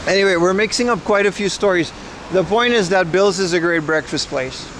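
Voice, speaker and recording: A man's voice: high voice, a little fast, a bit bright, a little hiss or hum. A man in his thirties hosting a casual livestream outdoors on city streets, rambling and answering viewer chat while biking. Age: 30s. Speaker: livestream host.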